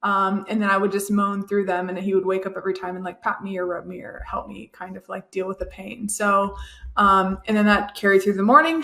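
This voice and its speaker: A young woman, chatting in a relaxed way about a personal story, often laughing. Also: mid-range voice. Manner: chatty, laughs often, acts out quoted voices. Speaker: guest, new mom. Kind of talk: casual storytelling.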